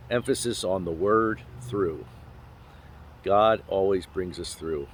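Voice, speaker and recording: A man with a fairly low voice gives a gentle, folksy devotional talk outdoors, with pauses and easy chuckles. It was recorded on a handheld phone, with faint traffic noise behind him. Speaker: devotional host. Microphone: handheld phone camera.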